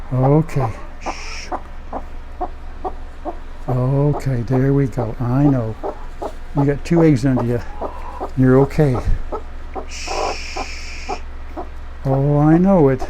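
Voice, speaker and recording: An older man on a farm, casually narrating his chores and coaxing his animals in a gentle, folksy way. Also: mid-range voice, slow, long pauses, background noise. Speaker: farm vlogger. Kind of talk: casual vlog narration while doing chores. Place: outdoor farm, hen house and animal pens.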